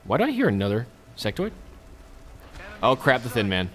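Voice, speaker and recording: A man's voice: medium pitch, wildly swooping pitch, normal speed, fairly bright tone, soft background music. A man hosting a let's play, giving casual, chatty commentary with joking asides to his viewers.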